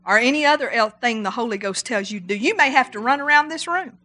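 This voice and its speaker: A middle-aged woman preaching a sermon, animated and emphatic, repeating her exhortations. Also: on the high side, quick pace.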